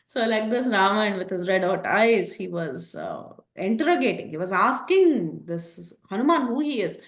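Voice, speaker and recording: A woman teaching a scripture class, telling the story lively and acting out the quotes. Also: mid-range voice, normal speed, few pauses. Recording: echoey room.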